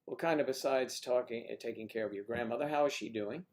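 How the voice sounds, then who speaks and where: A man's voice: medium pitch, quick pace, slight background noise. Joking, rambling male stream host. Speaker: livestream host. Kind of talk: casual livestream chat with guests.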